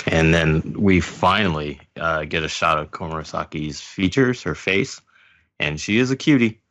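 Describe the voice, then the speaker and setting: A man's voice: low voice, normal speed, a bit bright. A man hosting a podcast, casually and analytically pointing out details. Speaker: podcast host. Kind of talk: casual chat. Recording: dull lo-fi podcast audio.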